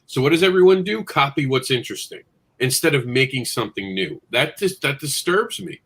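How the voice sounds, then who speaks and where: Animated man hosting a livestream chat. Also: medium pitch, brisk, slightly rough. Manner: animated, impassioned, talks over others. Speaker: livestream show host. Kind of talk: casual panel chat.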